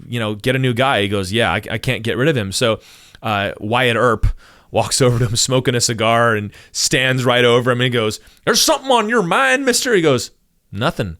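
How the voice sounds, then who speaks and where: A male pastor, talking on a podcast and telling stories, acting out quotes in loud bursts. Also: mid-range voice, smooth. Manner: animated storyteller, acts out quotes in bursts. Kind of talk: casual podcast conversation.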